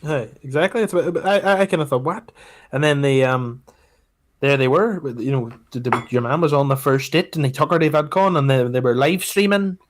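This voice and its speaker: Irish man, high, eager voice. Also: a little fast. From Ireland. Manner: animated, chatty, with hesitant restarts. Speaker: podcast co-host. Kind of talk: casual chat.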